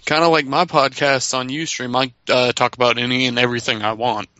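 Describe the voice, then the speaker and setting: A man's voice: mid-range voice, little pitch movement, a little fast, pushed and bright, no room sound. A man in a casual wrestling podcast chat, eager and rambling, with lots of fillers. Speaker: podcast co-host. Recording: dry, dull lo-fi audio.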